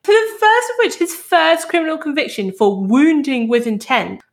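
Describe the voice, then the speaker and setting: A woman hosting a true crime podcast, telling the story in a casual, animated way and swearing now and then. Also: sits high, moderate pace.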